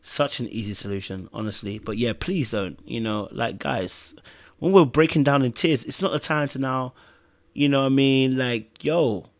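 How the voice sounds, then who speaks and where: A man with a British accent co-hosting a casual podcast, animated and swinging between loud bursts and hushed asides. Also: medium pitch, moderate pace. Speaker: podcast co-host.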